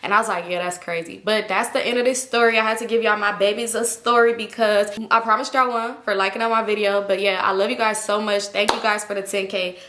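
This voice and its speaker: A woman in her twenties telling a story in a casual storytime vlog, slangy and animated and acting out the voices she quotes. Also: medium pitch, quick pace, hardly any pauses. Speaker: vlogger. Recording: echoey room.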